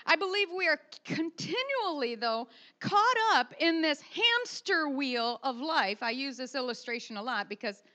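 A middle-aged woman and mother preaching a sermon, emphatic and animated, swinging from soft asides to loud pushes. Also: sits high, a little slow.

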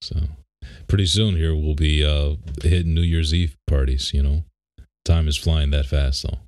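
A man's voice: rumbling low, fairly even intonation, normal speed, darkish tone. A young man co-hosting a podcast, chatting in a laid-back, rambling way and laughing often. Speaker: podcast co-host. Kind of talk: casual chat. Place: home office.

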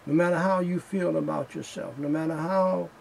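A man preaching a sermon in a slow, emphatic style, returning again and again to the same refrains. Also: a little high, fairly even intonation, vocal fry, a little hiss or hum, rough recording.

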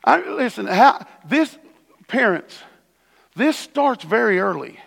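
A man's voice: very high voice, big pitch swings, slow pace, gravelly, fairly bright tone. A man preaching a sermon as pastor in a church, conversational with sudden emphatic bursts. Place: church sanctuary. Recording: long hall reverb.

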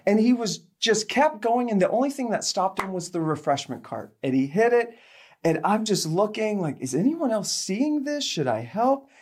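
A woman giving a sermon, telling a personal story with animated delivery and acting out the people in it. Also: fairly low pitch. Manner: animated, acts out quoted people, laughs while telling. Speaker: speaker giving a faith talk.

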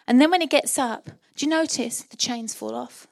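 Impassioned high-voiced woman preaching. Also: moderate pace, vocal fry, few pauses, no room sound, clean studio sound. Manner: impassioned, rousing, acts out quoted voices. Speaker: pastor. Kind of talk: sermon.

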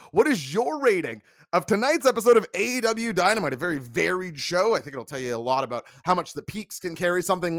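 A fast-talking male host with a fairly high, bouncy voice that leaps around in pitch. He jokes and punches words for emphasis, recorded dry and close with no room sound. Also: no room sound. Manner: animated, jokey, emphatic. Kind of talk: casual livestream review chat.

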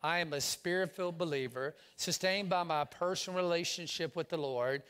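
A male pastor preaching a sermon to his congregation, lively, with call-and-response phrases for the room to repeat. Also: on the high side, brisk, smooth. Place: church in front of a congregation.

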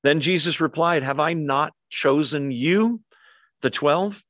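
A man's voice: fairly high pitch, slow, fairly bright tone, no echo, clean studio sound. Wry conversational male preacher. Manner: conversational, wry asides, acts out quoted voices. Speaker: pastor. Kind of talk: expository sermon.

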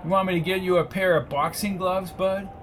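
A man reading a detective story, voicing a gruff, teasing older man who mocks the detective. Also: high-pitched, steady tone, brisk, fairly bright tone, slight background noise. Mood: mocking. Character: gruff, teasing old male boat owner.

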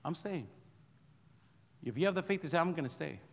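A man voicing his determined wife in a quick, firm tone while preaching. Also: a little high, animated, gravelly, big-room sound. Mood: resolute. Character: determined middle-aged wife, firm, unshakable.

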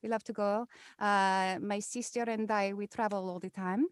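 A woman's voice: mid-range voice, steady tone, normal speed, dry recording, clean studio sound, close to an everyday voice. Voice actress improvising a gossipy woman, gushing and hesitant. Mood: chatty. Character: chatty gossipy British woman abroad. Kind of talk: improvised character.

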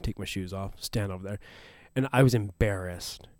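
A man's voice: sits low, moderate pace, a little mellow, no echo, studio quality. A man co-hosting a casual podcast, laid-back, laughing often and cracking crude jokes. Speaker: podcast co-host. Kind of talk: casual chat.

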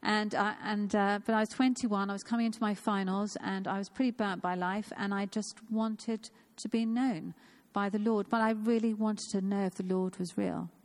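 A woman's voice: medium pitch, fairly even intonation, moderate pace, few pauses. A woman of fifty giving an informal, personal sermon in a church, earnest and repeating phrases for emphasis. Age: 50s. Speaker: church speaker.

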